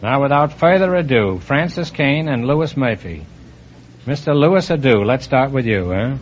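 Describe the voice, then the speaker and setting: Brief: quick-witted male game show host, teasing, on a dull hissy old broadcast recording. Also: medium pitch, animated. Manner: teasing, punning, laughs at his own jokes. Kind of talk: wisecracking quiz show banter. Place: radio studio with audience.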